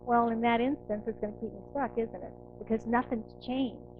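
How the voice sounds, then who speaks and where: A middle-aged woman minister giving a conversational, animated sermon, acting out inner voices. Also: on the high side, brisk, phone-quality sound, background noise. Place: church sanctuary.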